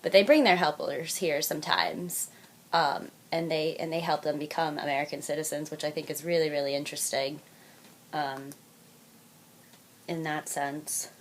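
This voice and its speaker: A woman's voice: sits low, steady tone, moderate pace, slight background noise. A young woman from New York chats as a podcast co-host. She is upbeat and talkative, filling her speech with "like" as she goes. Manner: chatty, upbeat, many "like" fillers. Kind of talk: casual chat.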